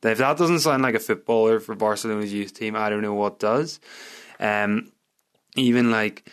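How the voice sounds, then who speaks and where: Chatty Northern Irish man, deep and smooth. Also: normal speed. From Northern Ireland. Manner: rambling, chatty and self-mocking. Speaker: podcast host. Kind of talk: casual solo podcast chat.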